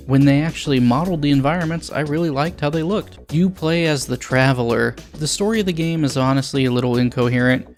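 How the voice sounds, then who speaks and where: A young man reviewing a video game, blunt and sarcastic with crude jokes. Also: medium pitch.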